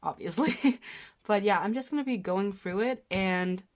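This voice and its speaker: A nineteen-year-old woman from Denmark, chatting casually and excitedly while unboxing, often gasping, giggling and swearing. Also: medium pitch, moderate pace. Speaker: vlogger.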